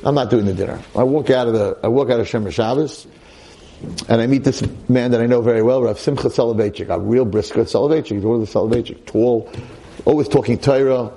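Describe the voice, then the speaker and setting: A man's voice: medium pitch, fast, rough recording. A male rabbi telling a story in a sermon to a room of boys, acting out every voice. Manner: animated, acts out every voice.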